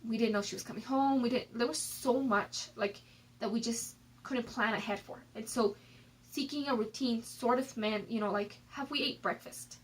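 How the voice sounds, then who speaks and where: A woman's voice: fairly high pitch, normal speed, husky, poor audio. A woman vlogger giving personal development advice in a candid, chatty way, filling her talk with "like" and "um", recorded on a phone. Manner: candid and chatty, many fillers like "like" and "um". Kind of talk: casual advice vlog.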